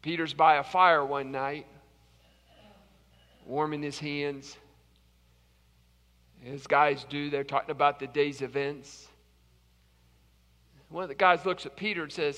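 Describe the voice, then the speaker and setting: A male pastor preaches a morning sermon, telling the story dramatically and swinging from loud passages to hushed ones. His voice is high and bright. A long reverb from the church hall trails his words. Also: steady tone, takes it slowly, long pauses. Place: church service, live streamed.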